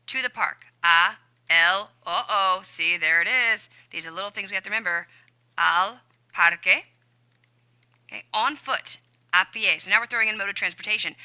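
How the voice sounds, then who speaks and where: A woman's voice: on the low side, bright, forceful tone. Upbeat woman teaching a grammar lesson. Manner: upbeat, chatty, talks to herself while typing. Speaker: Spanish teacher. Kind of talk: recorded screen-share grammar lesson.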